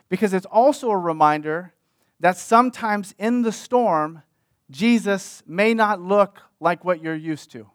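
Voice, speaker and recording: A man's voice: high voice, a bit bright, no echo, clean studio sound. A man preaching a sermon in a conversational way, repeating key phrases for emphasis. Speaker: pastor.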